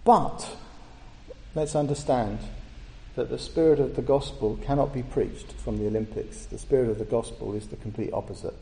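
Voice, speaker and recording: A man's voice: medium pitch, normal speed, mellow. A man preaching a sermon in a church, earnest and emphatic, lifting his voice on key words. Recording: echoey church hall.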